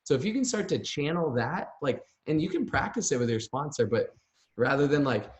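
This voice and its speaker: A man coaching new sales consultants with high energy, acting out example messages. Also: brisk. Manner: energetic, acts out sample messages. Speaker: business coach. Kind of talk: coaching call. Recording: roomy echo.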